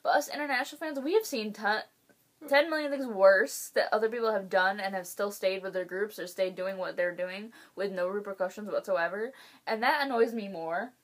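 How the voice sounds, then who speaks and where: A woman's voice: medium pitch, moderate pace. A young woman, hosting a casual reaction video, emotional and swearing, laughing through tears.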